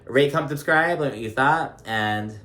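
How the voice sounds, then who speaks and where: A man casually recapping a reality show episode, chatty and gossipy, laughing often and filling pauses with ums. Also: medium pitch, bright, forceful tone. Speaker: recap vlogger. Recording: roomy echo.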